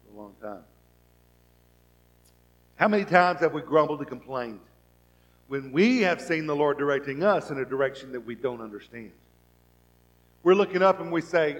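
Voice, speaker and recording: A man preaching a sermon as pastor, asking the congregation rhetorical questions and acting out people's thoughts, swinging from soft to loud. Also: a little high, lively intonation, moderate pace, pauses often, poor audio.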